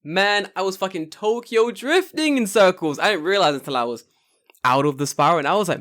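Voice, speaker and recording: A young man hosting a podcast, telling stories in an animated, swearing, casual way. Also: high voice, a little fast, dry recording, studio quality. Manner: animated storyteller, swears freely, acts out voices. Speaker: podcast host.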